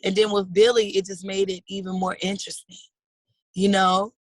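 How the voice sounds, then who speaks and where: A woman's voice: mid-range voice, level tone, moderate pace, no echo, poor audio. A woman in her thirties speaking in a heartfelt, earnest way in a personal interview, often calling people "baby". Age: 30s.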